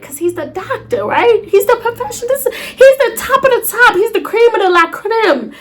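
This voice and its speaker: A woman in her late twenties telling a storytime vlog, animated and dramatic, full of slang and asides to her viewers. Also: extremely high pitch, brisk, hardly any pauses. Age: late 20s. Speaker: storytime vlogger. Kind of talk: casual storytelling to camera.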